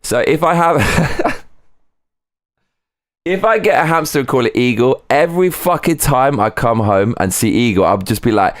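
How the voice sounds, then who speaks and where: A man's voice: medium pitch, lively intonation, moderate pace, no echo, clean studio sound. A man streaming live from home, chatting casually, rambling and swearing as he goes. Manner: rambling, swearing, breaks into sung snatches. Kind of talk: casual livestream chat.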